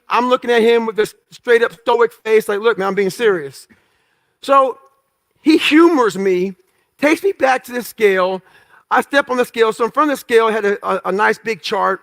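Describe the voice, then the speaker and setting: A man's voice: very high-pitched, vocal fry, bright, forceful tone. A man giving a motivational talk, telling stories from his life bluntly and with profanity, acting out the voices of other people in them. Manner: acts out quoted dialogue in story. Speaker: motivational speaker. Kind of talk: storytelling talk to an audience.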